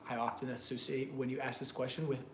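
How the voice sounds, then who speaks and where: Male co-host, mid pitch, hesitant conversational answers, echoey room. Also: level tone, quick pace, slight background noise. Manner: hesitant, thinks aloud with fillers. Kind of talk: casual conversational chat. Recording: echoey room, faint ambience.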